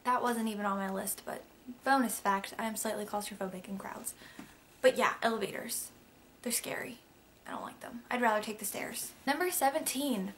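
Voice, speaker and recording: Young woman vlogger, chatty and rambling, slightly high-pitched, faint room hiss on a camera mic. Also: a bit bright. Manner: chatty and rambling, many fillers and asides. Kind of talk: casual facts-about-me vlog.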